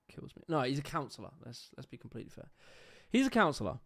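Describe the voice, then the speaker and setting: A young man hosting a livestream, his voice sitting at an ordinary middle pitch. He rants in a loose, sarcastic, exasperated way and swears freely. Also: big pitch swings, brisk, gravelly. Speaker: livestream host reacting to clips. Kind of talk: casual ranting commentary.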